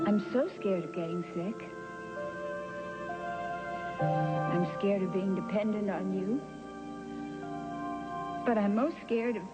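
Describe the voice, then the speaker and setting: A middle-aged actress playing a loving, frightened mother in a daytime soap opera, speaking in a tender, halting way. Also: mid-range voice, dull audio, natural voice. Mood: fearful.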